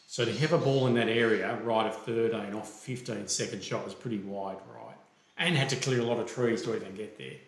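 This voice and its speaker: A man's voice: on the low side, brisk, echoey room, slight background noise, poor audio. A man with an Australian accent, a golf referee and podcast co-host, telling a story in casual chat and acting out the quoted lines. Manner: animated, acts out quoted dialogue.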